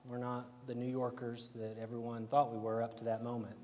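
A young preacher with an Alabama accent gives a relaxed, conversational sermon, frequently checking in with "right?". His mid-range voice is monotone, brisk and a little mellow, with slight hiss or hum and long hall reverb.

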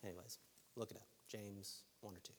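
A man preaching a sermon in a relaxed, conversational way who keeps checking in with his listeners. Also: fairly low pitch, brisk. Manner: conversational, keeps asking "right?". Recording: long hall reverb.

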